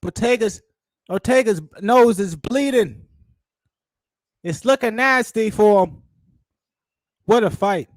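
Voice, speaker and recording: A man putting on the voice of an excited play-by-play fight announcer, calling each move loud and high. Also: slow pace, long pauses, no echo. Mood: hyped. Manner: high-pitched, loud, running ringside call.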